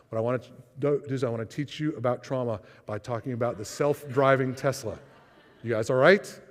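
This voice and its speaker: A man's voice: mid-range voice, a little mellow. A man giving a conversational church seminar talk on trauma, acting out inner voices in quotes. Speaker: speaker on trauma. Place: church hall. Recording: reverberant church hall.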